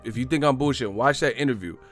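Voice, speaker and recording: A man's voice: medium pitch, quick pace, faint music behind. A man hosting a live boxing stream, chatting casually in slang, swearing and laughing often. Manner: slangy, swearing, laughs a lot, does voices. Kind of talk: casual livestream chat.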